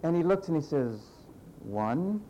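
A man preaching a sermon in a conversational, animated way, acting out the voices of the people he quotes. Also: on the high side, a little slow, lo-fi sound, very noisy. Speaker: pastor.

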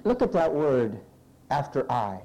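Animated, sarcastic male preacher. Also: medium pitch, a little slow, poor audio. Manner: animated, sarcastic, acting out quoted complaints. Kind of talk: sermon.

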